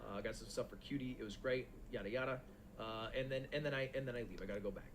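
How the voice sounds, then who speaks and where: A young man telling a long, animated story in casual, profane chat as a stream co-host. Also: medium pitch, quick pace, background noise. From United States.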